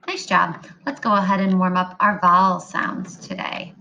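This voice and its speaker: A woman teaching a phonics lesson to young children, slow and sing-song, drawing words out. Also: on the low side, little pitch movement, creaky, sharp tone, muffled recording. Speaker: kindergarten teacher.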